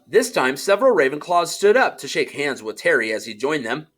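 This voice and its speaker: A male audiobook narrator with a lively, animated delivery and a bright, forward tone. His voice sits a little on the higher side for a man. He reads expressively and slips into character voices. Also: normal speed, few pauses.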